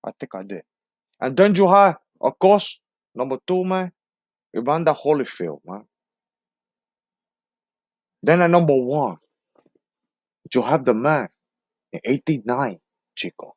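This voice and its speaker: A man's voice: mid-range voice, very animated, a little slow, pauses often, a little mellow, no echo, clean studio sound, pitched below the performer's own voice. A man voicing a swaggering, foul-mouthed Cuban gangster who taunts and boasts, tacking "man" onto nearly every phrase. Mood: boastful.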